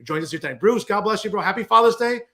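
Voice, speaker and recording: A man's voice: high voice, fast. A man with a New Jersey accent hosting a political talk show, commenting with sarcasm and scoffing disbelief. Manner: sarcastic, scoffing, animated rants.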